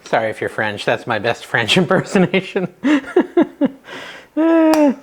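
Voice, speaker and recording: A middle-aged man hosting a casual home cooking vlog, chatty and nervous, with a self-deprecating manner and sudden excited yelps. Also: a little high, normal speed. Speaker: cooking channel host. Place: home kitchen.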